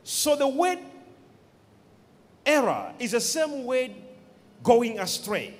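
Male preacher, high and very lively pitch, emphatic and repetitive, long reverb of a hall. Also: takes it slowly. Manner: emphatic, repeats key words, calls for responses. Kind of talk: sermon.

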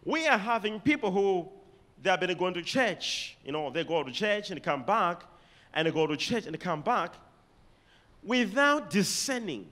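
A Malawian man delivers a sermon with a bright, forceful voice that sits high. His delivery swings widely in pitch and loudness. He reads scripture slowly and has the congregation repeat and underline key words. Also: very animated. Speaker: preacher.

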